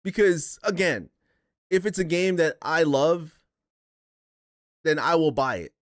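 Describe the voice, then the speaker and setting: Male streamer host, slightly higher voice, dry close sound, rambling and emotional, casual rant. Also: animated, takes it slowly, dry recording. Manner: rambling, emotional, swears, reads chat aloud. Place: home stream setup in a chair.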